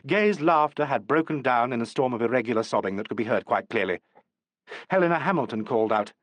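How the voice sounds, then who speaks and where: A man narrating an audiobook in a measured, expressive reading. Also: medium pitch, dry recording. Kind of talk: scripted narration.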